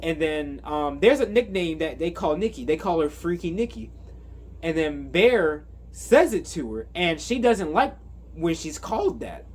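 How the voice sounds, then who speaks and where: A man giving a casual movie recap, rambling with lots of fillers and self-corrections. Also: on the high side. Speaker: movie reviewer.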